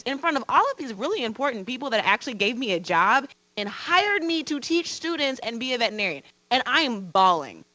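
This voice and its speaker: A woman speaking on a panel, her voice bright and forceful against a dry, close sound. She shares a personal story candidly, laughing at herself and repeating words for emphasis. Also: sits high, no echo, rough recording. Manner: candid, self-deprecating, emphatic repetition. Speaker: veterinarian and college teacher on a panel.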